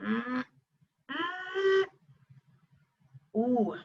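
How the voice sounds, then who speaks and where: A teacher and mother from Texas tells a casual storytime straight to the camera, sassy and exasperated. Her high-pitched voice is sing-song and extremely slow, with vocal fry and a little hiss or hum on a slightly dull lo-fi recording.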